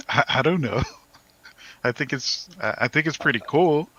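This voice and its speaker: A man's voice: mid-range voice, unhurried, pushed and bright, breathy edge. A laid-back man in a casual group chat who laughs easily. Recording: dull lo-fi audio.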